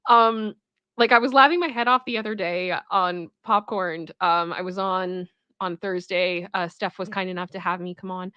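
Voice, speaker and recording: A woman's voice: lowish voice, steady tone, normal speed, smooth, no room sound, lo-fi sound. A woman with a Toronto Canadian accent, chatting casually with her livestream chat, rambling with restarts and little asides. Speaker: livestream host.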